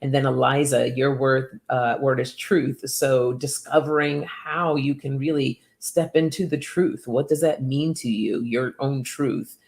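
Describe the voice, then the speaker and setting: A woman's voice: rumbling low, fairly even intonation, measured pace, hardly any pauses, a little mellow. A woman giving casual oracle card readings to viewers by name, chatty and upbeat, laughing often.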